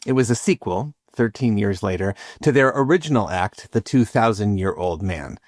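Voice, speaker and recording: Measured, reflective male podcast host. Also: lowish voice, lively intonation, no room sound, clean studio sound. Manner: reflective, measured, lightly humorous. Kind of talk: scripted podcast narration.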